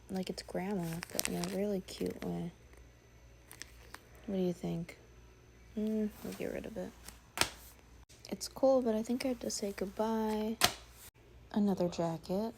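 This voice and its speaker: A woman chatting casually as she sorts through her things, musing and thinking aloud, sometimes dropping to a soft whisper. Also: mid-range voice, creaky, noisy background. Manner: drops to a soft whisper at times. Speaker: sewing vlogger. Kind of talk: casual narration while sorting.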